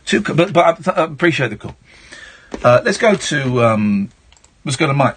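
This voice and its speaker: A middle-aged man hosting a late-night phone-in radio show, switching from shouty mock outrage to soft reflection. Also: medium pitch, sing-song, normal speed, husky. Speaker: radio talk show host.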